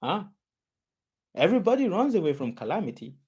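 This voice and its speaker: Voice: mid-range voice, sing-song, a little fast, darkish tone, breathy edge. A preacher delivering a sermon, repeating phrases and asking the audience questions again and again.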